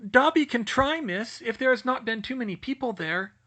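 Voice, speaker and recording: Dobby, a man doing a high little house-elf. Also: expressive, normal speed, bright, forceful tone, full character voice. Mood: eager. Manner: speaks of himself in third person. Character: timid eager little male house-elf.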